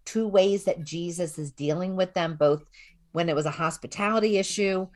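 A woman's voice: fairly low pitch, normal speed, a little mellow. A woman leading a casual Bible study chat, guiding the others and laughing easily.

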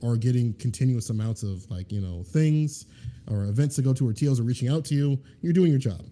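Dark-voiced man rambling earnestly. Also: mid-range voice, expressive, brisk. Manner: rambling, filler-heavy, earnest. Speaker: guest fighting game commentator. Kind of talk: casual podcast chat.

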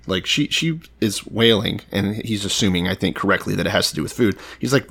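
A man in his thirties co-hosting a casual comedic chat, retelling a story with dry, deadpan swearing. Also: lowish voice, quick pace, vocal fry, few pauses, slightly rough. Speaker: podcast co-host.

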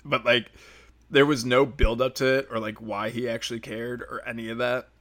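Young man, casual profane rant, bright tone, mocks with silly quoted voices. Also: mid-range voice, moderate pace. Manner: profane, animated, quotes characters in mocking voices. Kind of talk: casual ranting movie review.

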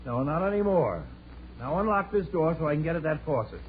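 An exasperated dad on old radio. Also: male voice, fairly high pitch, big pitch swings, a little fast. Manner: exasperated and blustering. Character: harried middle-aged father, stubborn do-it-yourselfer. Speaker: father. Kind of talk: 1940s radio acting. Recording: tinny old radio broadcast with hiss.

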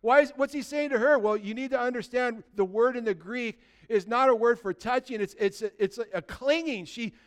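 This pastor's sermon comes in an extremely high-pitched male voice, a little fast and with hardly any pauses. His style is animated and conversational, packed with rhetorical questions, veering from loud emphasis to near-whispers.

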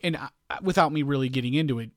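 A man co-hosts a podcast in relaxed, meandering talk. He circles and restarts as he searches for his point, in a mid-range voice. The sound is close and dry, with no room around it. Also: mid-range voice, dry recording. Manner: rambling, restarts often, pauses to find words. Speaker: podcast co-host. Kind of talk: casual chat.

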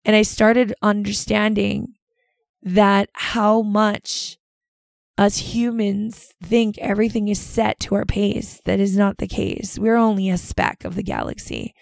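A woman's voice: medium pitch, fairly even intonation, measured pace, gravelly, no echo. A middle-aged woman hosting a podcast, telling a personal story in an earnest, rambling way with many fillers. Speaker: podcast host.

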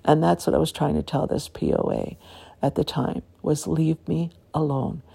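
A woman's voice: low-pitched, very animated, moderate pace, creaky, warm tone, breathy edge. An older woman from Canada talking in a rambling, aggrieved personal monologue with many restarts.

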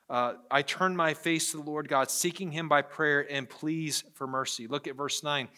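Pastor, man, bright clear voice; earnest sermon delivery with personal stories. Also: a little high. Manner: earnest preaching with storytelling and repeated phrases.

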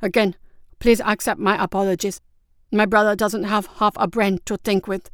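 A woman's voice: medium pitch, level tone, normal speed, no echo, clean studio sound, natural voice. Woman voicing a cool-headed stern young man. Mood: placating. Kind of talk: audiobook character voice.

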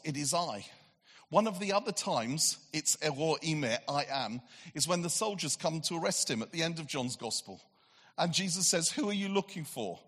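A man preaching a sermon, telling a Bible story with animated delivery and acted-out voices, swinging from excited to hushed. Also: a little high, breathy edge. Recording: long hall reverb.

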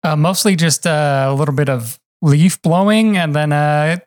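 A man from California co-hosts a podcast in casual talk. He speaks in a low-key, halting way, full of "uh" fillers, and his voice sits somewhat high for a man. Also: a little mellow. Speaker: podcast co-host. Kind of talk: casual chat.

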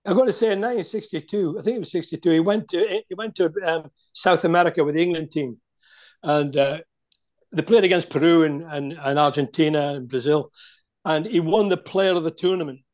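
An older man recalls his playing days over a video call, rambling from one story to the next with plenty of restarts. His voice sits a little high for a man. He keeps a warm, anecdotal flow going. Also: brisk. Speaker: guest, former footballer. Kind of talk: storytelling interview.

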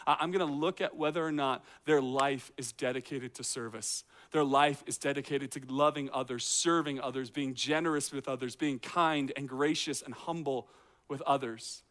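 A man's voice: mid-range voice, steady tone, moderate pace, a bit bright. A man, a teaching pastor, preaching a sermon in a conversational way, full of rhetorical questions and acted-out reactions. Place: outdoor courtyard.

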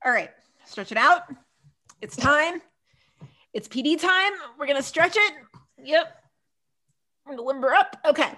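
This is a woman with a somewhat high-pitched voice co-hosting a casual podcast. She recaps TV episodes in an animated, laughing way, full of fillers like "like.". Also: measured pace, long pauses. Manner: animated, laughing, lots of "like" and "so funny". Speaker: podcast co-host.

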